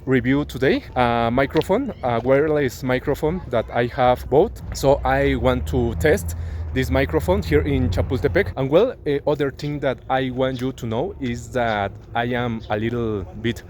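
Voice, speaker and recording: A man's voice: mid-range voice, normal speed, a little mellow. Mexican man, second-language English, earnest city-walk vlogger, phone mic with light street noise. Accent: Mexican Spanish. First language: Spanish. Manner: earnest, searching for words with restarts. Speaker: travel vlogger. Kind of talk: walking vlog, learner's English. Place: outdoors in a city park and along a busy avenue. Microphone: smartphone mic, then a clip-on wireless mic.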